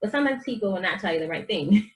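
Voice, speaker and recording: A fast-talking woman with a mid-range voice is heard on a low-quality recording. The life coach, a guest in an informal interview, shares her past and faith with earnest animation and plays out the quoted voices of others.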